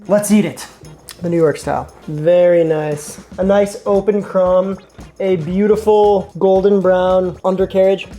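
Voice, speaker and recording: Male home-kitchen vlog host, chatty and eager, warm tone, light music bed. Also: high voice. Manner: enthusiastic, slangy, chatty. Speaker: cooking show host. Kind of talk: casual cooking vlog.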